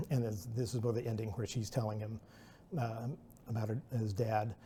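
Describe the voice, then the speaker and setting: Mellow-voiced man giving a rambling talk. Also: lowish voice, little pitch movement, moderate pace, slight background noise. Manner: rambling, chatty, self-deprecating with many restarts. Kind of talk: presentation talk with anecdotes.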